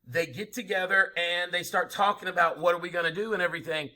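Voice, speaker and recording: Bright, emphatic male history teacher. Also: high-pitched, fast talker. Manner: emphatic, rhetorical questions, informal. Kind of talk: classroom lecture.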